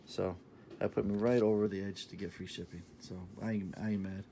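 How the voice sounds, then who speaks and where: A man in his thirties talking casually in a shopping haul vlog, enthusiastic and repetitive, sometimes dropping to a soft half-whisper. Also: on the low side, fairly even intonation, fairly quick, slight background noise. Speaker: vlogger showing a shopping haul.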